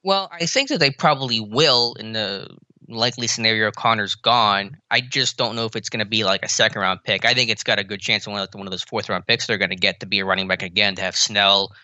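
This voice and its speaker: A man co-hosting a sports podcast, talking quickly and matter-of-factly in a lowish voice. His tone is sharp and very bright. The recording is dry, with a slightly dull, lo-fi mic sound. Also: dry recording. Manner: brisk, matter-of-fact, teasing. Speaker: podcast co-host. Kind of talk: casual sports analysis.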